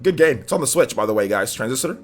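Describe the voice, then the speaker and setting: Over faint background music, a young male livestream host talks quickly and expressively at a medium pitch. He goes through donations in relaxed, slang-heavy chatter, laughing frequently.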